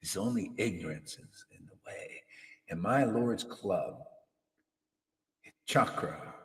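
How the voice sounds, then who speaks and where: A preacher delivers an informal, confrontational devotional sermon, rambling and often asking his listeners "see?" His voice is low, expressive and a bit bright, and he takes his time. The recording is in an echoey hall with long reverb.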